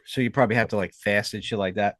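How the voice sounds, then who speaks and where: A man hosting a podcast, chatting casually and excitedly, with lots of "like" and "you know". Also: fairly low pitch, fast, no room sound, clean studio sound. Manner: loose, excitable, lots of fillers. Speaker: podcast host. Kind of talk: casual chat.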